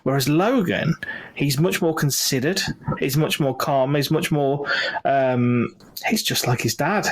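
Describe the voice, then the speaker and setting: A man's voice: fairly high pitch, unhurried. A man co-hosting a casual podcast, chatty and teasing, a self-described extrovert. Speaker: podcast co-host. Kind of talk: casual chat.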